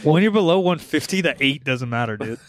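A man's voice: on the high side, animated, fairly quick, dry recording, studio quality. A young man hosting a podcast in casual banter, teasing and swearing. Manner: teasing, profane, joking. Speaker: podcast host.

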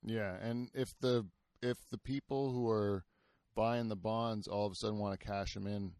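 A man hosts a loose podcast conversation, his voice sitting on the low side. He rambles through fillers and restarts and curses freely. The sound is close and dry, with no room to it. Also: fairly even intonation, moderate pace, a little mellow, dry recording. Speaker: podcast host. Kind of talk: casual chat.

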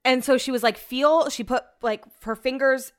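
A woman's voice: sits high, steady tone, normal speed, smooth. A young woman hosting a podcast alone, rambling through a casual story with lots of "like" and the odd swear word. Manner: chatty and rambling, heavy use of "like", casual swearing. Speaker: podcast host. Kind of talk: casual solo podcast monologue.

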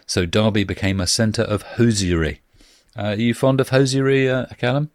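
A man hosts a relaxed podcast and works through a list of local facts, dropping in filler sounds and wry jokes. His voice sits a little low. The recording is dry and close, with no room sound. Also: moderate pace, dry recording. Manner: reads facts steadily with frequent "uh" fillers and dry asides. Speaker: podcast host. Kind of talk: casual podcast chat, reading out facts.

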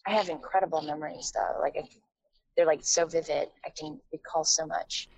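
A woman's voice: sits low, steady tone, a little fast, a little mellow, slight background noise, poor audio. A woman from Taiwan, a guest in a casual interview, telling a personal story with lots of fillers and restarts.

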